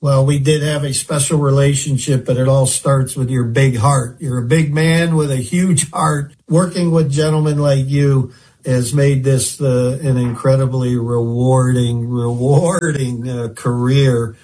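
A man interviewing an old friend, his voice a little high, his pace slow and measured. He walks through career milestones in an even, careful way.

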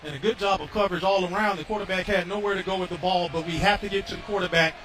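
A man's voice: high-pitched, fairly even intonation, rapid-fire, fairly bright tone, recorded from a distance. A man giving casual, coach-like color commentary on a football game, talking as part of the team.

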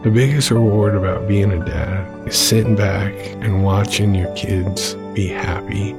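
A man's voice: on the low side, steady tone, unhurried, over loud music. A man speaking earnestly and reflectively about being a single father, in a public service ad. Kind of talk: personal testimonial.

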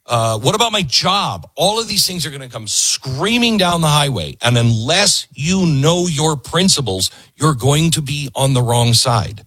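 A man's voice: fairly high pitch, lively intonation, unhurried, hardly any pauses, a bit bright, breathy edge, dry recording. A middle-aged man hosting a talk show, giving an emphatic political commentary monologue and repeating his points for force.

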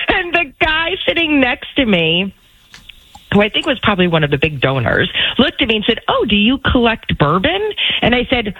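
A woman's voice: on the high side, big pitch swings, normal speed, a bit bright, breathy edge, poor audio. A woman producer and co-host telling playful stories in casual chat, laughing often.

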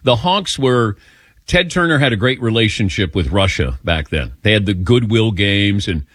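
Lively, lower-voiced male radio host. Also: normal speed, dry recording, studio quality. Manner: laughs readily, self-mocking. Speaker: radio talk show host. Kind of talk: casual call-in chat.

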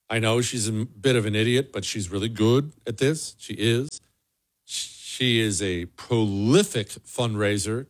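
A man hosting a political commentary show, talking in an emphatic, mocking monologue. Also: on the low side. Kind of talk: opinionated monologue.

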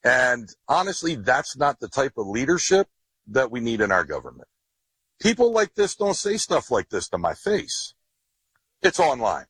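Husky, blunt military veteran man. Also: medium pitch, big pitch swings, moderate pace, a bit bright, no echo, rough recording. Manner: blunt, indignant. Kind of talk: interview clip.

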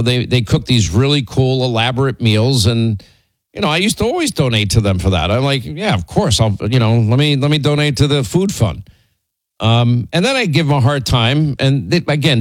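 A man's voice: medium pitch, dry recording, low-quality recording. A man hosting a talk show, telling rambling stories and teasing his co-host, with many restarts and fillers. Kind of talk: casual on-air storytelling.

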